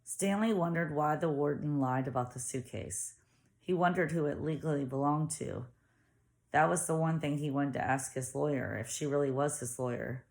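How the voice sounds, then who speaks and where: A woman narrating a novel aloud in a steady storytelling manner. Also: deep voice, normal speed, vocal fry. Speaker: audiobook reader. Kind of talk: audiobook narration.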